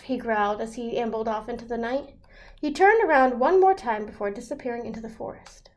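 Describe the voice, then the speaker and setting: A librarian reads a picture book aloud to children, her voice high and bright. She rises and falls in wide swings as the story moves along. The sound is a plain video-call recording. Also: normal speed. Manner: expressive, animated storytelling.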